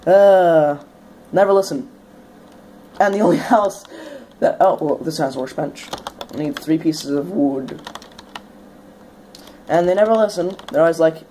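A young woman talks her way through a video game at her home computer, casual and chatty, with sudden shrieks and curses whenever something jumps out at her. Her voice sits fairly low for a woman. Faint keyboard typing ticks along underneath. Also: measured pace, long pauses, a little hiss or hum. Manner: chatty and excitable, swears, bursts into sudden shrieks when startled. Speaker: let's play host. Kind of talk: casual gameplay commentary.

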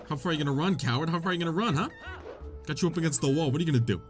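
A young man giving excitable, joking let's-play commentary, talking to the game, laughing and swearing as he plays. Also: fairly high pitch, very fast. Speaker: gaming channel host. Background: game music.

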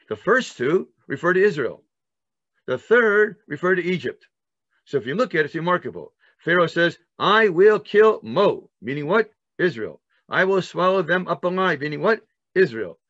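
In a lively Torah class, an older rabbi poses questions and answers them himself, enacting words with breathing and gasping sounds. His slightly high voice comes through a dry, lo-fi recording.

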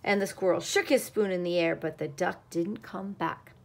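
A woman reading a children's picture book aloud in an expressive storytelling voice with dramatic pauses. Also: on the low side.

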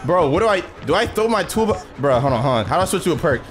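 A man's voice: a little high, sing-song, fast talker. Jumpy young man, wildly swinging voice. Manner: nervous, swings from muttered self-talk to shrieks, curses a lot. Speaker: gaming YouTuber. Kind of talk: let's-play commentary. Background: game music.

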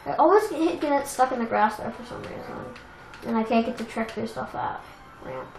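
A young woman casually commenting on a racing game she plays, chatty and self-deprecating, with excitable outbursts. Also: on the high side, moderate pace. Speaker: let's play gamer. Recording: echoey room with game music.

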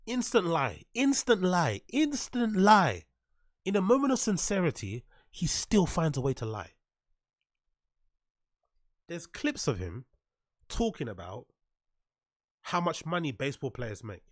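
This commentary streamer reacts to podcast clips with sarcastic, mocking remarks, swearing a lot and reading his chat aloud to answer it. His voice is a little high and sing-song, unhurried with frequent pauses. The recording is dry and studio quality.

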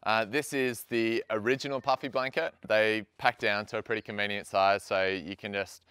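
Young man, casual gear review, filler-heavy chat, crisp clear voice, dry sound. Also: lowish voice, normal speed, dry recording. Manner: relaxed, conversational with frequent fillers.

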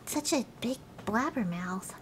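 High, lively-voiced woman streamer. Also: measured pace, background noise. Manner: chatty, talks to the game characters, swears playfully. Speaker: live streamer. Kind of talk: live gameplay commentary.

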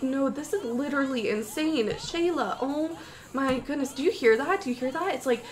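A young woman giving excitable, panicky gameplay commentary, full of gasps and exclamations. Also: high-pitched, normal speed, a crowd in the background. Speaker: gaming YouTuber.

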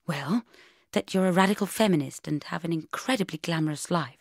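A woman's voice: on the low side, fairly quick, dry recording, clean studio sound. A woman reading an audiobook, voicing an awkward, reserved grown man who speaks in a hesitant, clipped and slightly cross way. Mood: earnest.

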